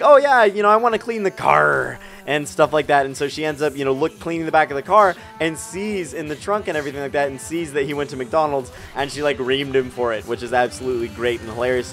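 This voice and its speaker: Excitable young man telling a story. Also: on the high side. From Oregon. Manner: excitable, profane, lots of fillers. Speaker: storytime YouTuber. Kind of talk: casual storytime over gameplay.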